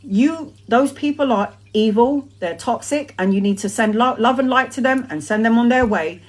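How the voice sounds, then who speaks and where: A woman's voice: fairly high pitch, normal speed. A woman in her forties, a tarot reader talking in a casual live-stream monologue, emphatic and repetitive, swearing freely as she talks. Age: 40s.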